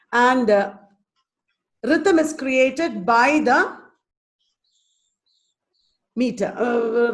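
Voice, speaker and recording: High-voiced Indian woman teaching. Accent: Indian English. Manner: patient, repeats and sounds out words slowly. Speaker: teacher giving a webinar. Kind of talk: online lecture.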